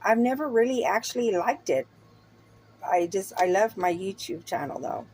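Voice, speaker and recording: A woman's voice: mid-range voice, animated, moderate pace, a little mellow, slight background noise. A middle-aged woman rambling and venting in a casual, profane vlog. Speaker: vlogger.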